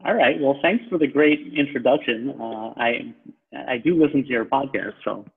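A Long Island man with a New York accent, a real estate broker, chats casually as a podcast guest, restarting his sentences often and calling himself sarcastic. His medium-pitched voice moves at a normal pace, creaky with a breathy edge, and the audio sounds tinny, like a phone line.

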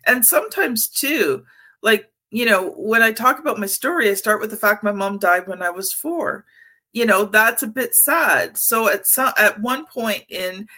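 A woman hosting a podcast interview, telling personal stories in a lively, expressive way. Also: on the high side. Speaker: podcast host. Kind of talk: conversational interview.

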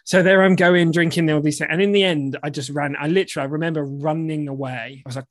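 A man's voice: fairly high pitch, a little fast, no echo, clean studio sound. A man from the UK co-hosting a podcast, telling stories in casual chat with frequent laughs. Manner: chatty, laughing, animated storytelling. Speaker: podcast co-host.

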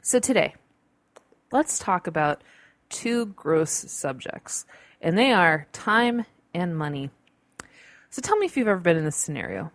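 Bubbly low-voiced woman podcast host. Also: unhurried, pauses often, no room sound. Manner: bubbly, chatty, animated with playful asides. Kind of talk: casual solo podcast talk. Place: home in a large city. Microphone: computer-recorded podcast mic.

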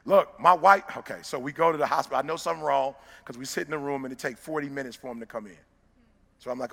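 A man delivers a motivational talk to a crowd, speaking to them directly with a preacher's urgency. His voice is bright and edged with gravel. A long reverb trails each line, as in a large hall. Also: on the high side, fast. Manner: emphatic, preacher-like, direct address to listeners. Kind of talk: motivational speech to an audience.

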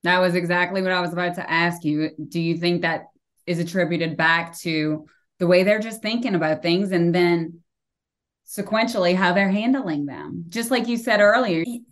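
Lower-voiced woman podcast host. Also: moderate pace. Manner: thoughtful, building on the guest's points. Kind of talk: podcast interview.

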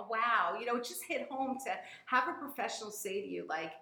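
A woman's voice: medium pitch, animated, normal speed, vocal fry, few pauses, pushed and bright. A woman talks in a loose, rambling way, often stopping, laughing and getting choked up. Her voice sits in a middling register. The room around her is roomy and echoey. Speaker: guest, gym member sharing her story. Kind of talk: casual emotional chat. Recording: roomy echo.

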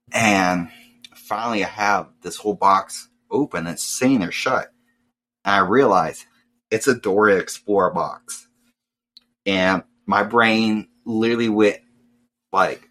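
A young man telling a casual, profane story and acting out loud voices. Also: fairly low pitch. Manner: swears often, acts out voices loudly.

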